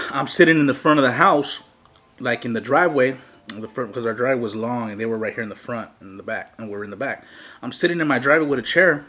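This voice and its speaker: A young man hosting an eating show, telling a story casually and animatedly with lots of slang and swearing. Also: mid-range voice. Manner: profane, slangy, animated retelling. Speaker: mukbang host.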